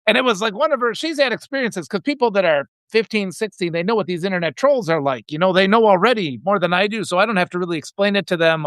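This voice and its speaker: A middle-aged man hosting a casual live stream, talking in a rambling, animated way with many restarts and laughs. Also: high-pitched, no room sound, clean studio sound. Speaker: author and live-stream host.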